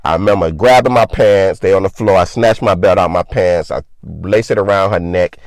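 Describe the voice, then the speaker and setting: A man's voice: deep voice, normal speed, a little mellow, no room sound. A young man casually telling a personal story, loose and profane, leaning on filler words.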